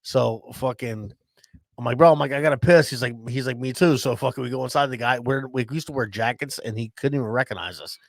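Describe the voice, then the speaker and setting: A man spins a profane, rambling story on a casual podcast, at an ordinary middle pitch. He swears constantly, laughs easily and restarts his sentences. The sound is close and dry, with no room echo. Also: a little fast, gravelly. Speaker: podcast co-host.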